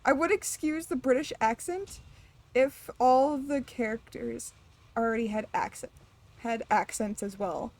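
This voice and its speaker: A woman's voice: fairly high pitch, unhurried, a little mellow. A young woman streaming a game, chatting casually, rambling, laughing often and swearing offhandedly. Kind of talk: casual chat while gaming.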